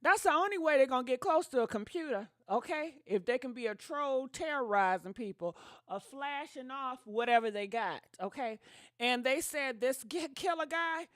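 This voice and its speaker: A woman hosting casual livestream commentary in an animated, sassy way, talking straight to her viewers. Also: high-pitched, normal speed, no room sound, clean studio sound. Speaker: commentary channel host.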